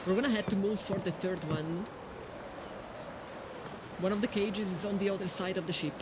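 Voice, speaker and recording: A woman's voice: mid-range voice, moderate pace, background noise. A woman with an Italian accent giving playful, joking live-stream commentary to her chat while playing a game. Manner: playful, jokey, addresses chat.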